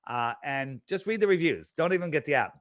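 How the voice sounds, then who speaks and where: Energetic man with a higher voice. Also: fairly quick, dry recording. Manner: energetic, emphatic, with frequent restarts and fillers. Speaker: interview guest. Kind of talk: casual promotional talk.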